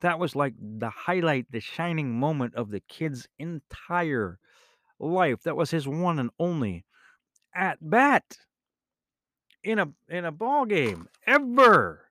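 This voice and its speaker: A man hosting a podcast, telling a rambling personal story in a casual, animated way, often correcting himself mid-sentence. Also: fairly high pitch, slow pace, no echo, studio quality. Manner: animated, rambling, with self-corrections and bursts of laughter. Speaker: podcast host.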